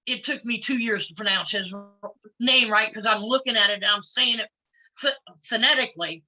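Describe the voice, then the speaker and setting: Outspoken woman guest, fairly high bright voice, dull lo-fi sound. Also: brisk, faint music behind. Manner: outspoken and blunt, laughs easily. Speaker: guest, former wrestler. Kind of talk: casual interview chat. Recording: lo-fi audio.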